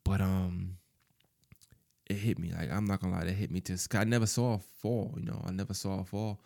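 A man in his thirties with a fairly low voice thinks out loud about his life in a personal monologue. He speaks softly and haltingly, restarting phrases and leaning on "you know" and "man". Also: steady tone, vocal fry. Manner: halting, repeats words, fills with "you know"; soft-spoken and subdued.

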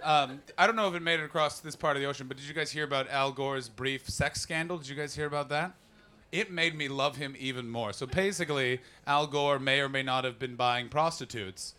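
A man doing an improvised stand-up set, riffing and talking with the crowd, breaking into loud mocking voices for the people in his stories. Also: medium pitch, fairly quick. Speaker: stand-up comedian. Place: comedy club stage before a live audience.

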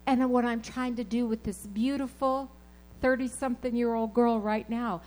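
A woman preaching a sermon, telling personal stories in an animated, emphatic way and repeating her key phrases. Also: on the high side, moderate pace, poor audio.

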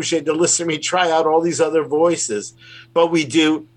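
A man's voice: on the high side, fairly even intonation, normal speed. A man, a rabbi and puppeteer, chatting casually in an interview in a rambling, self-deprecating way. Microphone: remote call.

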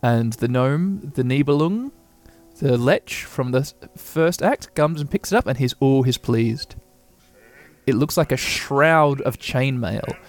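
A man giving rambling, excitable live reaction commentary with lots of fillers. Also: medium pitch, unhurried. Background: opera music.

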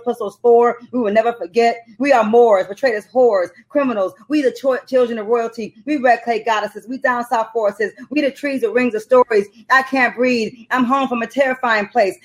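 A woman poet who recites her spoken-word poem in a slow, rhythmic, impassioned way, then talks reflectively about her work in an interview. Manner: low-key, reflective talk with fillers. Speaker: poet and author.

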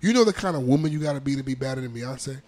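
A man co-hosting a podcast, tipsy, riffing in a mocking, animated way. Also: mid-range voice, rapid-fire. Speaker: podcast co-host. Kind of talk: casual chat.

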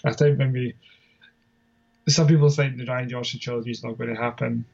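Gravelly Scottish man chatting loosely. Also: mid-range voice, steady tone, fairly quick, darkish tone, lo-fi sound. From Scotland. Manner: rambling, self-deprecating, chuckles often. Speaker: podcast co-host. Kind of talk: casual podcast chat.

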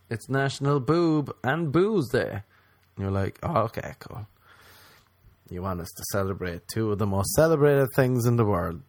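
A man's voice: medium pitch, no echo. A man hosting a podcast, rambling through a crude, sarcastic comedy monologue and slipping into mocking voices. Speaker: podcast host.

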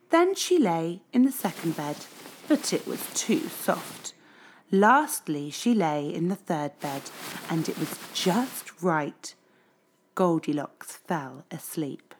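A woman reading a children's story aloud as storyteller, with an expressive, sing-song delivery. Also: on the low side, slight background noise.

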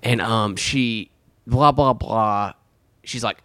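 A man's voice: dry recording, studio quality. A man co-hosting a casual chat show and recapping a movie, joking and swearing a lot. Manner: profane, joking, quick bursts with lively pitch swings. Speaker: podcast co-host.

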